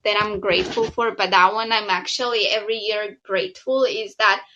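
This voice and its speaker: A woman co-hosting a podcast with her partner in relaxed casual chat, often pausing on "um". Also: mid-range voice, muffled recording, slight background noise. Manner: relaxed, with frequent "um" fillers. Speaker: podcast co-host.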